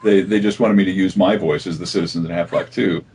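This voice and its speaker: A middle-aged man, a voice actor, chatting casually in an interview, animated and laughing often. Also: sits low, fast, slightly rough. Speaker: voice actor guest.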